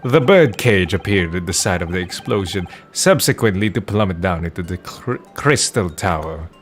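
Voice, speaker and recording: This is a stern video-game prosecutor who speaks in a low, formal courtroom manner with a put-on German accent. A man plays him. His delivery is measured, with the pitch rising and falling expressively. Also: lively intonation, soft background music. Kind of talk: fan dub of a video game.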